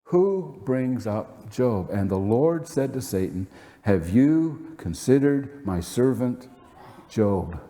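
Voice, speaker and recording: Under the long hall reverb of a church sanctuary, a pastor preaches with earnest emphasis, posing rhetorical questions. His medium-pitched voice is animated and dark in tone, and he takes things slowly.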